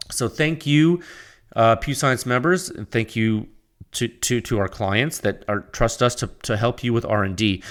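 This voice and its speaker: A young man hosting his own podcast, talking casually and warmly to listeners with frequent restarts and fillers. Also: mid-range voice. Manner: rambling, heartfelt, with many restarts and fillers. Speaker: podcast host. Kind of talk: casual solo podcast talk.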